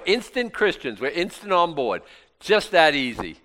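Preaching a sermon conversationally, a man swings between loud exclamations and quiet asides, often restarting his words. His voice is fairly high and very animated, at a moderate pace.

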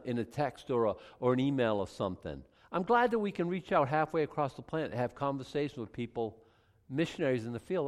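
A man with a medium-pitched voice leads a casual, conversational Bible study, reading scripture aloud and then commenting on it with frequent restarts. The audio has a big-room sound.

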